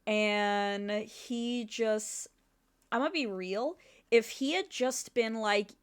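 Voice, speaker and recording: Slow-talking woman streamer telling a story. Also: on the high side, smooth. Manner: animated, swearing, exasperated. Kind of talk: casual storytelling while gaming.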